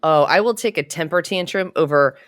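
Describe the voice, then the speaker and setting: A woman co-hosting a casual podcast, talking in a relaxed, drawn-out way. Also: sits low. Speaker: podcast co-host.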